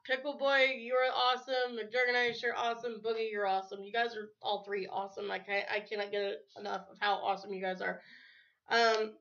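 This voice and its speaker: A talkative woman in her thirties rambles through a casual home vlog, often breaking into laughter mid-sentence. Her voice sits a little high. The recording sounds dull and muffled. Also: fairly bright tone. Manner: chatty, laughs often between words. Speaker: vlogger.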